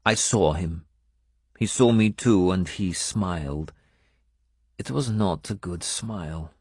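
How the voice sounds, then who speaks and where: An audiobook narrator, a man, voicing a wary, bitter foreign woman who speaks slowly and gravely with a foreign-sounding accent. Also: a bass voice, darkish tone, dry recording, clean studio sound, heavily acted. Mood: bleak, wary. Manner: slow, measured, bleak delivery. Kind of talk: audiobook character voice.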